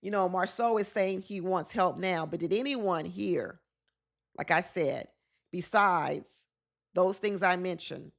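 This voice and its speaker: A woman's voice: on the low side, lively intonation, unhurried, gravelly. A woman giving casual, opinionated commentary on a reality show, often acting out what the cast members said.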